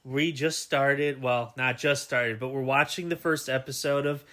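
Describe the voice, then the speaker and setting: A man from the United States in his thirties, co-hosting a podcast in easygoing, halting casual chat. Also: mid-range voice, steady tone, fairly bright tone. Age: 30s. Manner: easygoing, halting, explains at length. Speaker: podcast co-host.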